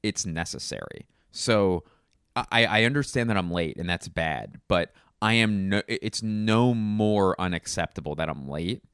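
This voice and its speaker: A man's voice: deep voice, lively intonation, a little slow, fairly bright tone, clean tone, no room sound, studio quality. A man hosting a solo comedy podcast, rambling through wry, self-mocking tangents.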